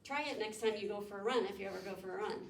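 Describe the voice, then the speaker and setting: A woman's voice: mid-range voice, very fast, vocal fry, crowd noise. A woman professor giving a classroom lecture, quizzing students and explaining step by step. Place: lecture room. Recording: echoey room mic from far off, background noise.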